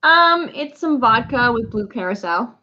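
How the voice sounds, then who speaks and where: A woman's voice: fairly high pitch, animated, measured pace, pushed and bright, muffled recording. A woman chatting playfully from her living room on a live video stream. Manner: playful, teasing. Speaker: regular guest. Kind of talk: casual live-stream chat.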